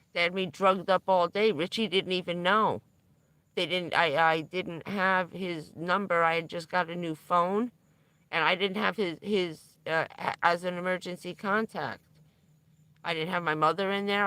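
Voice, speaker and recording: A woman's voice: lowish voice, a bit bright. A middle-aged woman telling a candid, profane story on a livestream, laughing now and then through hard news. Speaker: vlogger.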